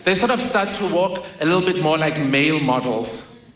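A man's voice: a little high, animated, moderate pace, a bit bright. A young man giving a personal storytelling talk on stage, vivid, wry and self-deprecating. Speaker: speaker. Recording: roomy hall echo.

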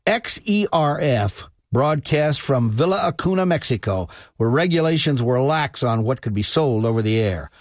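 A man delivering scripted documentary narration in a measured, even way. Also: mid-range voice, dry recording, clean studio sound.

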